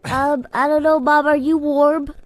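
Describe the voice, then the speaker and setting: A woman's voice: high-pitched, flat delivery, measured pace. A woman voicing a pushy seven-year-old kid who prank-calls to order food, rambling in a childish, innocent-sounding way. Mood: cheeky. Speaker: prank caller. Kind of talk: prank phone call.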